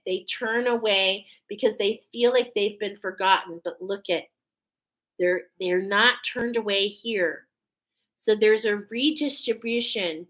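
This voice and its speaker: A woman talks her viewers through an oracle card reading in a slow, unhurried way. Her tone is earnest and soothing, and she keeps checking in with a gentle "okay?" Her voice sits at an everyday middle pitch. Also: poor audio.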